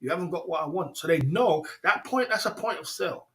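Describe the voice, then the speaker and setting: A man hosting a casual livestream, telling a story in an animated, repetitive way, laughing often and calling his listeners bro and man. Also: on the high side, brisk. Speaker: livestream host.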